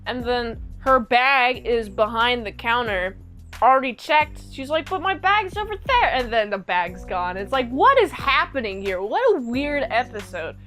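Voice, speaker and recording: High-voiced woman recapping an episode. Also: lively intonation, unhurried, bright, forceful tone, soft background music. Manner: chatty, rambling, slangy. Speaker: show reviewer.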